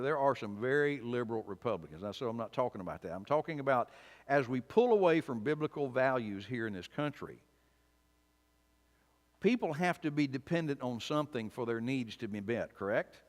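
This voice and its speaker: A man's voice: medium pitch, lively intonation, fairly quick. A man delivering a casual, opinionated sermon in a church. His mid-range voice rings with a long hall reverb. He talks informally, with a dry, wry edge and frequent restarts. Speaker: preacher teaching a Bible study. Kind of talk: conversational sermon. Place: church sanctuary.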